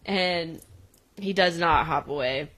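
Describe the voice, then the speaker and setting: A woman's voice: lowish voice, takes it slowly, fairly bright tone. A young adult woman co-hosting a podcast, retelling a show episode in casual chat and laughing often as she acts out the lines. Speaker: podcast co-host. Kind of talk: casual recap chat, acting out quotes.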